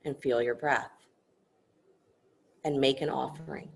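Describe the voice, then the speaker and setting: A woman yoga teacher guiding an online class, speaking softly and gently and telling a story as she instructs. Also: a bass voice, fairly even intonation, measured pace, vocal fry. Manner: soft-spoken, gentle and instructive.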